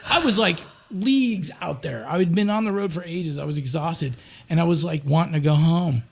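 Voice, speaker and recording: A man, a podcast guest, telling travel stories in a lively way, slipping into sung and acted quotes. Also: a little high, moderate pace, gravelly. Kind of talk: animated storytelling.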